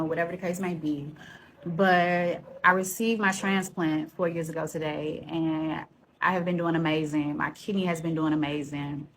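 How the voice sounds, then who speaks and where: With a fairly low-pitched, fairly bright voice and a little hiss or hum on the recording, a woman vlogger shares her personal story in a casual, heartfelt, earnest way. She then turns preacher-like, encouragingly urging listeners to keep going.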